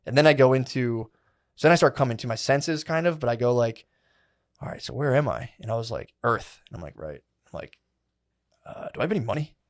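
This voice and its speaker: A man's voice: mid-range voice, fairly quick. A man in his thirties, a podcast co-host, telling a rambling, profane story in a casual chat and acting out what people said. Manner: rambling, profane, animated retelling with quoted inner voices.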